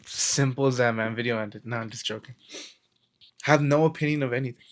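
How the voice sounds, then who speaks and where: A self-help vlogger speaks casually to camera about mindset in a motivational talk, rambling through stories with plenty of fillers and acted-out quotes. His voice is mid-range and fairly quick.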